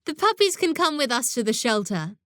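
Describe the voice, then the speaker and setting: A woman's voice: on the high side, big pitch swings, fairly quick, dry recording, clean studio sound. A woman voicing a kind, practical female flood rescuer who reassures a family. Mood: reassuring.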